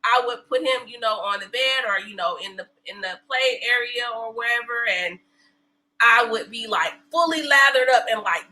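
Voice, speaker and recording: A woman in her thirties, a podcast guest, chatting casually and telling animated stories with laughs and acted-out quotes. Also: a little high, poor audio. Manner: animated storyteller, laughs often, acts out quotes. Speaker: podcast guest, breastfeeding specialist. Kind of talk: casual interview chat.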